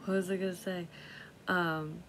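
Background noise accompanies a middle-aged tarot reader with a lowish voice. She rambles casually through her reading, cursing freely and laughing at herself.

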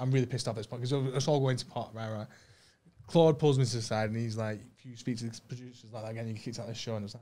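A man recounts his time on a reality show in loose podcast chat. He talks very fast and swears often, and his voice sits at an ordinary middle pitch. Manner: fast, animated storytelling with lots of swearing. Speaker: podcast guest, former reality TV contestant.

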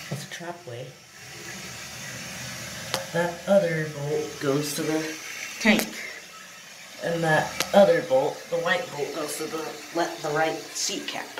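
Slow, giggly vlogger in an echoey bathroom. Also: medium pitch, noisy background. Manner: giggly, rambling, easily amused. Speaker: toilet video channel host. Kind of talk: casual show-and-tell vlog. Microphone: phone. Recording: echoey room with running water.

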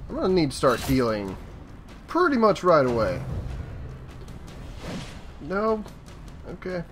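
An excitable man gives casual commentary while he plays a game, and his voice swings widely in pitch. He swears loudly at every setback. Faint game music runs underneath. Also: takes it slowly. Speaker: let's play host.

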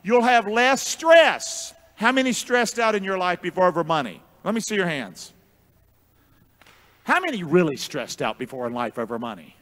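A man preaching a sermon as pastor, with call-and-response, booming shouts and hushed asides. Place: church sanctuary.

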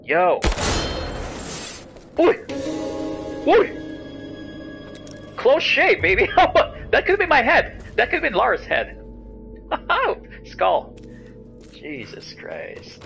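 A young man hosting a let's play, joking and breaking into loud exclamations as he plays. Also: high voice, wildly swooping pitch, slow pace, creaky, long pauses. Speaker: gaming channel host. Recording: game music playing behind.

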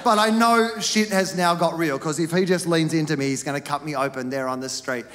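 Australian male stand-up, bright tenor, animated storyteller, faint room ambience. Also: fairly quick, long reverb tail, a little hiss or hum. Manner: animated storytelling, acts out characters with big pitch jumps. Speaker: stand-up comedian. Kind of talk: stand-up comedy set. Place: comedy stage before a live audience.

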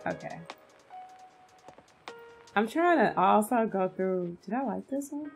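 A woman's voice: mid-range voice, animated, takes it slowly, creaky, faint music behind. A woman giving casual, gushing commentary on a video game, chatting to her viewers and calling them "y'all". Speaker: game content creator.

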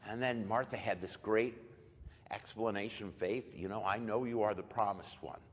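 A low-pitched man preaches a memorial sermon in a church, his voice trailing off into a long reverb. He tells the story in an easy, conversational way. He gets much louder and higher when he voices the people in the story. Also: normal speed. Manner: conversational storytelling with sudden loud bursts for quoted lines. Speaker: pastor.

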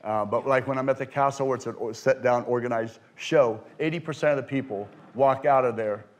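Speaking at medium pitch to students in a lecture room, a card magician tells stories and then takes questions. He is an animated storyteller who acts out the quoted voices, though he often restarts haltingly and repeats words.

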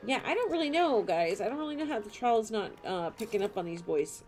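A young adult woman streaming a game, chatting playfully with viewers, giggling and squealing as her pitch swoops up and down. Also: expressive, a little fast, a little mellow, faint music behind. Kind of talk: casual live-stream game commentary.

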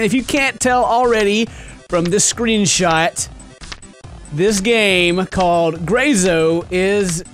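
High, lively excitable gaming host man. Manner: excitable, yells at enemies, laughs often. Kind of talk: let's play commentary.

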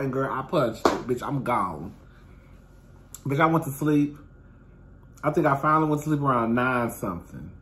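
A man in his thirties telling casual stories straight to his viewers in a sassy, expressive way, calling them "girl" and "honey" and swearing freely. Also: medium pitch, slight background noise. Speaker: host of his own talk stream.

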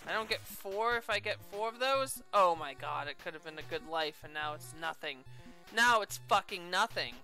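Animated woman cursing at a game. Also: fairly low pitch, normal speed, faint music behind. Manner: exasperated, swears a lot, yelps and laughs. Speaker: video game streamer. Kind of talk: let's play commentary.

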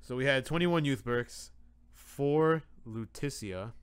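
A man's voice: medium pitch, slow pace, a crowd in the background. A man co-hosting a card game podcast, matter-of-factly reading out tournament results. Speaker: podcast co-host. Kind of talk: casual podcast chat.

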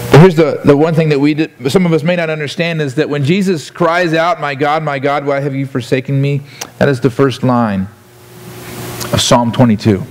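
A male pastor delivers an earnest sermon in a church. His voice sits at an ordinary middle pitch, and he often doubles back on his words. A faint hum runs under the recording. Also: darkish tone. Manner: earnest, with frequent repeated words and restarts. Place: church sanctuary.

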